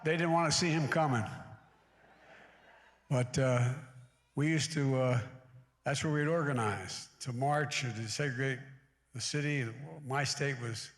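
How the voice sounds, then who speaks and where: A guest speaker at a church service, an American man in his eighties, speaks at medium pitch and a measured pace with long pauses, shifting between folksy asides and emphatic oratory. The large sanctuary produces long hall reverb.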